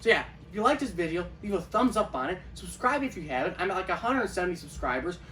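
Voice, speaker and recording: A man's voice: high-pitched, very animated, fast, bright, forceful tone, recorded from a distance. A man ranting in casual commentary for his own baseball channel, incredulous and repeating himself as he talks. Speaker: baseball vlogger.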